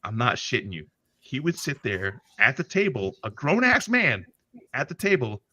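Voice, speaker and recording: A man in his forties spins crude, laughing anecdotes in a loose livestream chat. His voice is bright and forward, picked up dry and close with no room sound at all. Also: medium pitch, very animated, normal speed, no echo, highs cut off. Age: 40s. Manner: profane, laughing, vivid storyteller. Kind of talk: casual storytelling chat.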